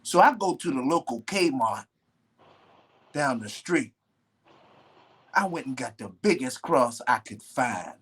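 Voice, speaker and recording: Husky guest man, casual storyteller, slangy and profane, mid pitch. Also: takes it slowly, pauses often. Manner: animated, slangy storyteller who swears often. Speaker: guest, professional wrestler.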